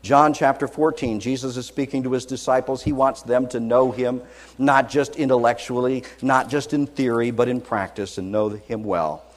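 A man preaching a sermon, telling a story dramatically, moving between hushed lines and loud, high passages. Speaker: pastor.

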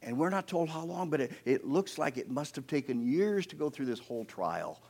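Standing outdoors by a creek, a man preaches in a fairly high, sing-song voice at a normal speed. His scripture tales are told dramatically, with quoted figures acted out through sharp rises and drops in loudness, plus some lighthearted asides.

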